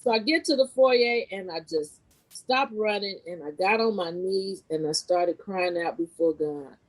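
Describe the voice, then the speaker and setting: A woman guesting on a podcast as a spiritual life coach, telling a personal story casually and expressively, her voice leaping high at the big moments. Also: unhurried, poor audio. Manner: animated, expressive retelling with sudden pitch leaps; casual, informal phrasing with restarts.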